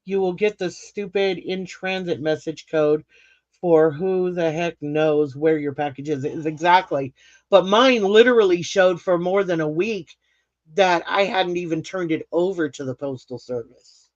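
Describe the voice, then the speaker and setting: A woman reads comments and chats casually during a live craft stream, laughing often and stumbling through rambling restarts. She has a fairly low voice and speaks a little slowly, in slightly muffled, dry audio with no echo.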